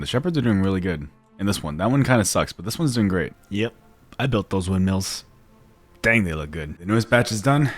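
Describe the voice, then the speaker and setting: A young man giving casual gameplay commentary, talking to himself, muttering quietly at times and breaking into loud excited shouts. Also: low-pitched. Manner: drops to near-whispered mutters while working. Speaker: gaming YouTuber.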